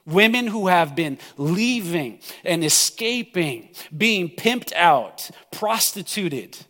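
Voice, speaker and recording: Impassioned high-voiced preacher in a reverberant hall. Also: male voice, big pitch swings, slow pace. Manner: impassioned, swings from loud pleading to hushed. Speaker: pastor. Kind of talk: sermon.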